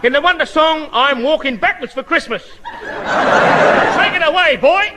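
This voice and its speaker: A high, blustering pompous official. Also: male voice, a little fast. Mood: grandiose. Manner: bombastic, exclamatory, high-pitched bluster. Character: pompous excitable male official, blustering and daft. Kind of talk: 1950s radio comedy acting. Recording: hissy 1950s radio broadcast recording.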